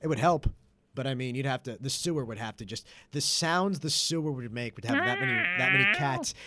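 A man spinning comic anecdotes in a loose, joking chat, his pitch swooping up and down as he builds to the punchline. His delivery leans on straight-faced fibs and bursts of laughter. The sound is close and dry, with no room around it. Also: fairly quick, dry recording. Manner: animated storyteller, deadpan liar, laughs at own jokes. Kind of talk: casual comedic chat. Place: studio.

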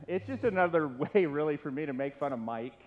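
A man's voice: fairly high pitch, fairly quick. A middle-aged man, a former youth pastor, tells a self-mocking story as a tribute at a church retirement party. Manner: self-deprecating, animated storyteller. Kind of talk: humorous anecdotal tribute speech. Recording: echoey hall, dull lo-fi, faint hiss.

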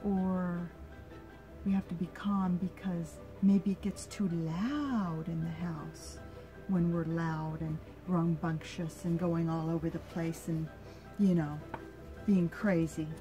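Slow, mellow-voiced older woman reading aloud. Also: on the low side, little pitch movement, faint music behind. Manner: slow, gentle, asks the listener questions. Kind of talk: reading a picture book aloud to a child.

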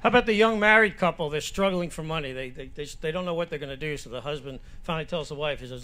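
A man's voice: fairly high pitch, fast talker, few pauses, slight background noise. A man telling dirty jokes to friends and acting out each character in the story. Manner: animated joke-teller, acts out characters. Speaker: comedian at a memorial show.

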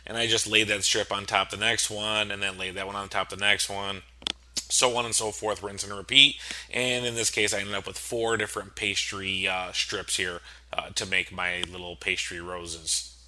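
A man's voice: on the low side, pushed and bright. Young guy walking you through a recipe, easygoing, lots of uh's, cracks jokes as he goes. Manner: laid-back and rambling, with many fillers and self-corrections; jokey and irreverent asides. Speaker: home cooking instructor. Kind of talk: casual cooking tutorial voice-over.

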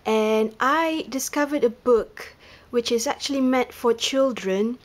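A woman reading a children's picture book aloud in an amused, lively way. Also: fairly high pitch, measured pace. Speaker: reader.

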